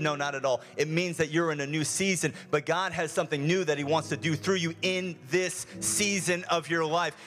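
A man's voice: on the high side, fairly bright tone. A male pastor preaching a sermon in a church, earnest and repetitive, often restarting his phrases. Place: church sanctuary.

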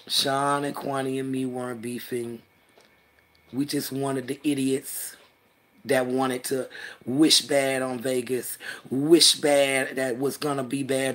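A woman vlogger in a heated trash-talk monologue, brash and profane, mocking and laughing as she goes, dropping to low mutters and then bursting out loud. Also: steady tone, slow. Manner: mocking, laughs through her words.

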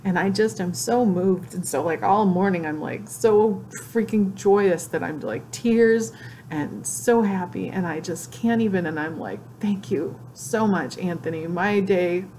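A woman vlogging in an emotional, gushing way, tearful and crying as she talks with excited exclamations. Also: mid-range voice, unhurried, a little hiss or hum. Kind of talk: emotional casual vlog.

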